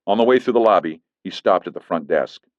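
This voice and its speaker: Low-voiced male audiobook narrator. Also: a little fast, no room sound. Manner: steady, even reading. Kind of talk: scripted narration. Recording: dull lo-fi, dry studio.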